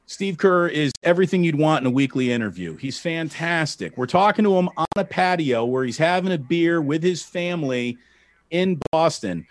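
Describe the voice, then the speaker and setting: A man's voice: a little high, lively intonation, moderate pace, dry recording. A man from the San Francisco area, a guest sports broadcaster, telling stories animatedly and laughing easily in casual chat. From San Francisco Bay Area.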